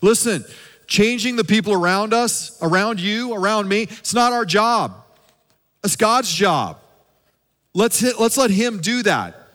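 A man preaching a sermon in a slightly higher voice. He swings from emphatic lines down to a quiet hush to make a point. His words ring with a long reverb, as in a large hall. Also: expressive, a little slow. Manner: preaching with dramatic drops to a soft hush. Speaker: lead pastor.

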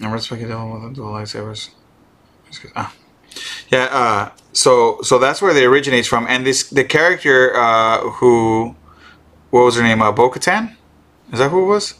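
A man chatting casually and excitedly about a show episode, swearing and restarting often. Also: mid-range voice. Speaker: streamer co-host. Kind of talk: casual show recap chat.

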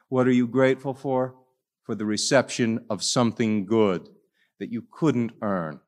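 Man, Catholic priest, preaching, lowish voice, dramatic storyteller, shifts between quiet and loud. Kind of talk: sermon.

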